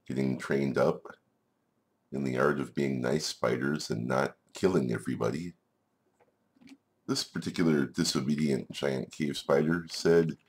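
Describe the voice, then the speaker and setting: A man's voice: very deep voice, a little mellow. A man narrating a game like a storybook, playful, with chuckling asides. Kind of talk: storybook narration over gameplay.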